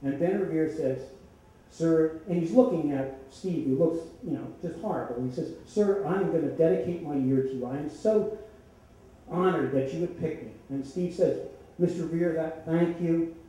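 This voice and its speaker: An older man from the Philadelphia area telling a true story on stage at a story slam, conversational and wry with deadpan punchlines. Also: fairly high pitch, normal speed. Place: stage in an echoey hall with an audience. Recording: echoey hall, distant mic, faint noise.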